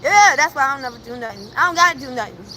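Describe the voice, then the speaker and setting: A woman on a live stream, telling a story with emphatic, animated delivery and frequent laughter. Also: high-pitched, rapid-fire, slight background noise. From New York. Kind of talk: casual storytelling on a livestream. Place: at home.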